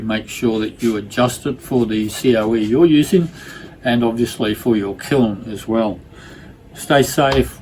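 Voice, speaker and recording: Croaky-voiced man hosting a craft tutorial. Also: mid-range voice, darkish tone, a little hiss or hum, poor audio. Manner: hesitant, many ums and uhs. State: croaky voice from lingering illness. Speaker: glass fusing tutorial host. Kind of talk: casual tutorial talk.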